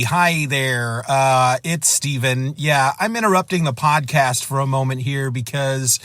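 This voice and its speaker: In a dry recording, a podcast host with a slightly high, a bit bright voice holds a casual solo monologue into his phone. He rambles loosely and mocks himself in rant after rant.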